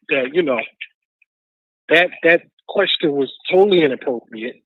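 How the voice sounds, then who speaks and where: A man calls in to a talk show over a tinny phone line, and his voice sits a little high. He makes his point in a measured, thoughtful way. The sound is dry and close. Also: no echo. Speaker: caller.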